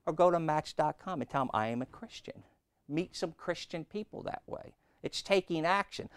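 A man's voice: on the high side, animated, normal speed, smooth, no room sound, clean studio sound. A man preaching a conversational sermon in a plainspoken, folksy way, often turning to the listeners with rhetorical questions.

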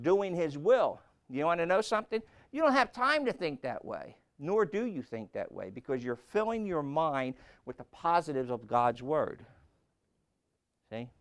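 A man in his sixties preaching a sermon, blunt and emphatic, repeating phrases and rising to loud outbursts. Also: fairly high pitch. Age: 60s.

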